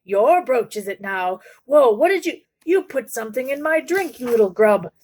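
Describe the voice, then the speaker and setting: A woman's voice: fairly high pitch, lively intonation, moderate pace, a little mellow, pitched above the performer's own voice. A woman voicing a big, boozy male crook who talks bluntly and sneers. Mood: sneering.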